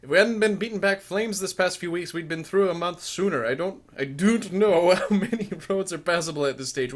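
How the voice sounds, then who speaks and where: A man voicing a gruff old villager in a wobbly, made-up accent, reading game dialogue aloud. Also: on the high side, lightly acted. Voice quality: loud, mangled mock accent.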